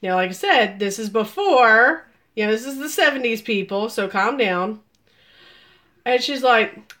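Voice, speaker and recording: A woman in her forties tells a story to her live video viewers. Her voice sits a little high, and she talks in an animated way, laughing often and breaking into exclamations. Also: measured pace. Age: 40s. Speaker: vlogger.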